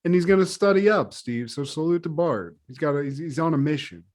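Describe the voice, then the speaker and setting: A man's voice: fairly high pitch, animated, fairly quick, darkish tone. A man co-hosting a podcast, recapping a cartoon episode in loose, profane casual chat and laughing often. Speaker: podcast co-host.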